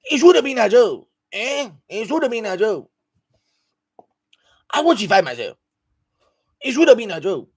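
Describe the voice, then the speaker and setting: A man's voice: high voice, very animated, moderate pace, pauses often, husky, voice pushed up, heavily acted. A man putting on a scolding Lagos-accented man. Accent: Lagos Nigerian.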